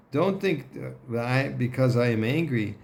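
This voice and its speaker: Slow, gravelly-voiced man teaching Torah. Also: mid-range voice, darkish tone. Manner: deliberate, clears throat often, checks in with "okay?". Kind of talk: Torah lesson explanation.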